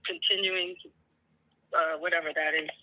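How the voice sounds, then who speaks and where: A woman calling in by phone, hesitant and halting as she searches for words. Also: fairly low pitch, fairly even intonation, a crowd in the background. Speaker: caller. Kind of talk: phone call. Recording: tinny phone line.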